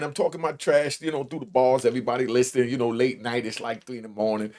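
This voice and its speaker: A man's voice: medium pitch, animated, fast talker, few pauses, a little mellow. Older man telling a streetwise story. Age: 60s. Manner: streetwise slang, rambling with restarts and asides. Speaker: host. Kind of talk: casual storytelling commentary.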